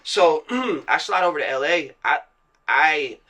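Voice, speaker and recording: A man's voice: fairly high pitch, expressive, measured pace, sharp tone. A man from the American South, a rapper telling his story as an interview guest in casual, profane street slang, acting out other people's words. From Virginia and Florida, USA.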